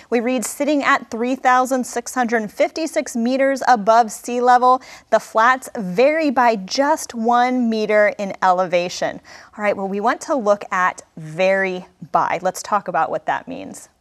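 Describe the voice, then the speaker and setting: A woman co-hosting an English lesson, giving clear examples in an encouraging way. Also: on the high side. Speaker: English teacher, co-host. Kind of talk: scripted language lesson.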